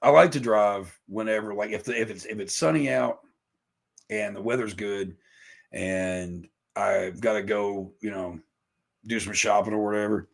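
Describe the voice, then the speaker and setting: On a podcast, a guest musician with a low, creaky voice talks a little slowly. His casual chat is rambling and profane, and he pokes fun at himself.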